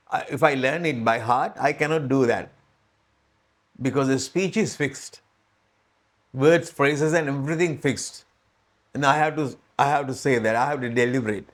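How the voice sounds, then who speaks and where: A man's voice: medium pitch, a little slow, long pauses. Patient Sri Lankan man teaching English. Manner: patient, repeats phrases and checks understanding. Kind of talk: spoken English lesson.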